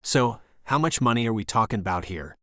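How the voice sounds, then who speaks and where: A man's voice: fairly low pitch, expressive, fairly quick, bright, forceful tone, no room sound. Audiobook: pushy, talkative woman caller, voiced by the male narrator, brags and rambles, dry studio sound. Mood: rambling. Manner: rambling, boastful, talks over others. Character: pushy, chatty thirty-something woman caller.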